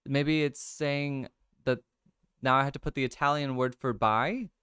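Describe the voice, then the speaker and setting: A young man casually hosting a livestream, thinking out loud over crossword clues, reading viewer comments and laughing often. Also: mid-range voice, steady tone, unhurried, clear, resonant tone, dry recording, studio quality. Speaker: livestream host. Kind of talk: casual chat, solving a crossword with chat.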